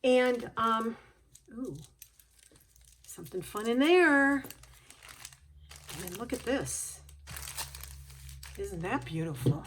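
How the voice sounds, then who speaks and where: A woman with a fairly high, animated voice unboxes a gift package for her craft channel, speaking slowly and pausing often over a slight hiss or hum. She gushes and gasps at each item, occasionally whispering, in casual chat, and moves her camera on its stand by hand.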